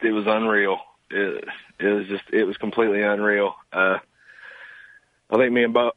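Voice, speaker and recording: A man's voice: on the low side, no room sound. Young man, 19, Appalachian Southern accent, humble and hesitant on a dry phone line. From Eastern Kentucky mountains. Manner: humble, halting, says "man" often. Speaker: caller, singer guest. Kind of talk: casual phone interview.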